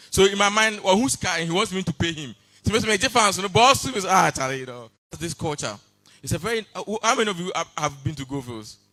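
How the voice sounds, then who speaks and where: A man doing stand-up, chatty storytelling broken by sudden loud exclamations. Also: high voice. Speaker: stand-up comedian. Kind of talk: stand-up comedy set. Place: comedy awards stage before a live audience.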